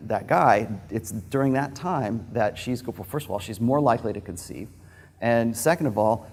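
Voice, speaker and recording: A man's voice: on the low side, darkish tone. Frank, rambling man lecturing. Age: adult with a daughter. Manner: frank, digressive, loose delivery. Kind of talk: informal lecture to a live group.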